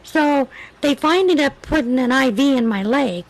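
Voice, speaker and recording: A woman's voice: high voice, expressive, normal speed, poor audio. A woman hosting a livestream in casual chat, with a weak voice that is hard to project, telling a story in a chatty, rambling way. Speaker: livestream host.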